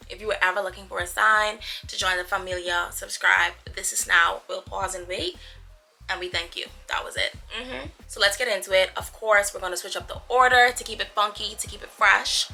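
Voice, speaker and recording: A woman's voice: mid-range voice, vocal fry, bright, forceful tone. A young woman in a casual vlog to camera, talking in a playful, chatty way with slangy asides in her morning voice. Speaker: vlogger.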